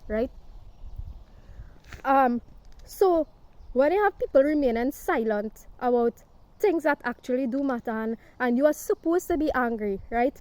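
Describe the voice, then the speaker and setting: A woman giving a forceful, preachy monologue to camera, swearing and ending nearly every sentence with a questioning "right?". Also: high voice, no room sound. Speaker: spiritual self-help speaker.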